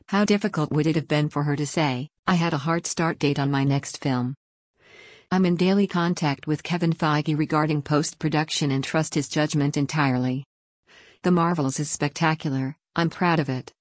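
A woman reading an opinion column aloud in an even, flat manner, with dry sarcastic asides. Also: low voice, no echo. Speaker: article reader.

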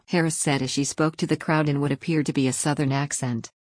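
A woman reading a news article aloud in a steady, scripted way. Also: low-pitched, fast, hardly any pauses, dry recording. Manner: even, read-aloud delivery. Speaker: news reader.

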